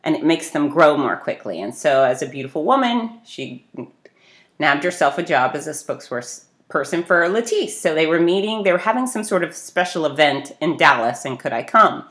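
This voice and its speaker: A woman telling a casual story with a lively, self-deprecating manner. Her voice sits a little low for a woman, and she swings it up sharply whenever she acts out the people in her story. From grew up on the beach. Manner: animated storyteller, voices people in the story with big pitch jumps. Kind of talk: casual anecdote.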